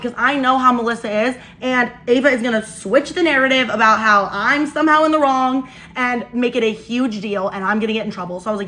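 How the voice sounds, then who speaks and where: A young woman in her twenties vlogging, telling an exasperated story in an animated way while doing her makeup. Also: fairly high pitch, fast talker.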